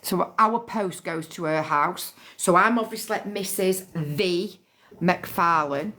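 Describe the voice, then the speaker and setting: A woman's voice: fairly low pitch, a bit bright, a little hiss or hum. A woman, chatting casually and swearing freely while she hosts a live stream on her phone. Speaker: livestream host.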